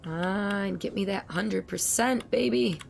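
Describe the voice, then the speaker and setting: Woman streamer talking slow and gravelly, voice still worn from a cold, chatty with chat, faint hiss behind. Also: mid-range voice. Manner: chatty, rambling, talks to chat. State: recovering from a cold, voice not at full strength. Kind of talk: casual gameplay commentary.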